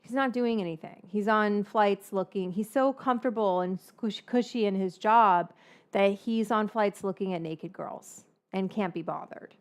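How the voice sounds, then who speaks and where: In a clean, mid-range voice at a moderate pace, a Bay Area woman chats as she cooks. The cookbook author and host is frank and rambling, swearing freely and sliding from one tangent to the next.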